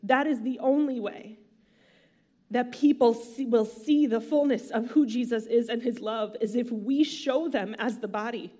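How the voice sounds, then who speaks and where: A woman's voice: a little high, unhurried, mellow. Casual, chatty woman preaching a sermon. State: emotional, near tears. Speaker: pastor.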